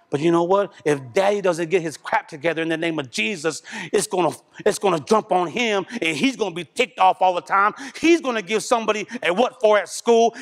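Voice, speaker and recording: A man preaching a sermon as pastor, a father of a young son, talking animatedly and swinging between loud bursts and hushed asides. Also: sits high, a little fast. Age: young adult or middle-aged, father of a young son. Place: church.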